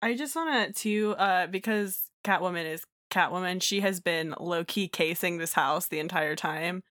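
A woman's voice: lowish voice, normal speed, fairly bright tone, dry recording, clean studio sound. Chatty young woman player. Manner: chatty, many "like"s. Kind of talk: casual tabletop play.

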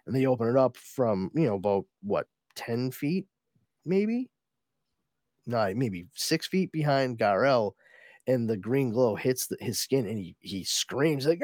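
A man's voice: mid-range voice, expressive, measured pace, darkish tone, dry recording. A man hosting a casual comics podcast, rambling through a story recap with plenty of fillers and swearing. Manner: rambling, profane, many fillers. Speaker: podcast host reviewing comics.

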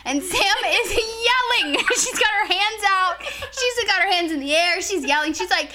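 A woman's voice: very high voice, moderate pace, heavy background noise. A young woman co-hosting a podcast, telling a wild story in casual chat, swearing often and laughing as she talks. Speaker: podcast co-host.

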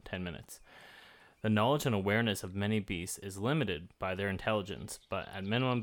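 Player: a man, lowish voice with a bright edge, casual and rambling with lots of fillers. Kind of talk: casual tabletop play.

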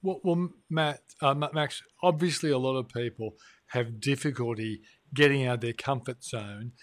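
A man's voice: medium pitch, normal speed, dry recording. Male host, dry close sound. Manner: probing, conversational questions. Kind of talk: interview.

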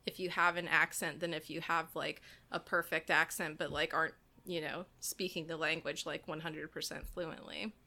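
A woman's voice: sits low, little pitch movement, moderate pace, vocal fry, few pauses, bright, forceful tone. A woman telling a story in casual conversation, talking loosely with lots of fillers. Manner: chatty, many "like" fillers, rising into laughs. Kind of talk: casual chat.

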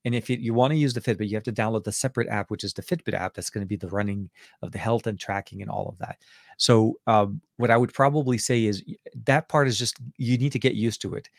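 A man's voice: on the low side, fast talker, gravelly, no room sound, clean studio sound. A man hosting a casual tech podcast, rambling and correcting himself as he talks through his gadgets. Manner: rambling, self-correcting, excited asides. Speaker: podcast host.

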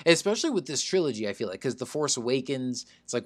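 A man hosting a podcast in a relaxed, hesitant way, asking questions between fillers. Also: medium pitch, fast talker, few pauses. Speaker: podcast host. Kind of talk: casual chat.

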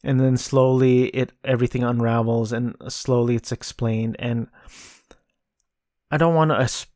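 A man reviews a film casually on his podcast, hesitating often with lots of ums and restarts. His medium-pitched voice is a little mellow, with fairly even intonation and a moderate pace, recorded in clean studio sound with no echo.

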